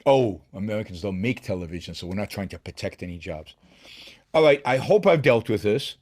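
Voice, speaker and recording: Brisk and expressive, with a lowish, darkish tone, a middle-aged man hosts a solo political show. His commentary is emphatic and riddled with restarts and repeated words.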